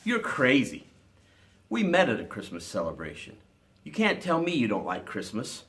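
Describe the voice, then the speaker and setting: A man's voice: mid-range voice, wildly swooping pitch, moderate pace, a bit bright. A man reading aloud and voicing a cheerful, teasing young woman in a storybook. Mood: playful.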